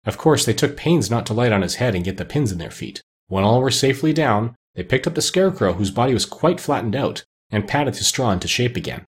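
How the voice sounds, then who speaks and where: A man narrating a children's storybook aloud, expressive and unhurried. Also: mid-range voice, breathy edge.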